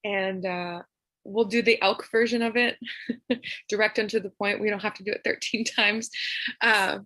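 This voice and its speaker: A young woman from Tennessee sharing a heartfelt personal remembrance over a video call, soft and emotional, with frequent laughs and fillers. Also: mid-range voice, fairly even intonation, normal speed, no echo, rough recording. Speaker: memorial speaker.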